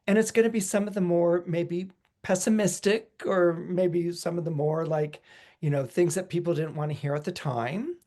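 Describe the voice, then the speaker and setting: A man's voice: sits high, normal speed. Chatty male astrologer telling stories. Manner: lively storyteller who acts out quoted voices; loose and chatty, with many "you know" fillers. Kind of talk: podcast astrology forecast.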